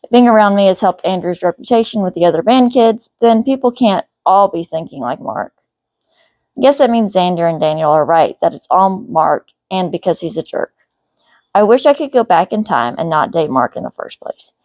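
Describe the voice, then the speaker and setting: A woman author reads her novel aloud in a steady, even first-person narration. Her voice sits low, and the recording is dry and close with no room sound. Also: moderate pace, dry recording.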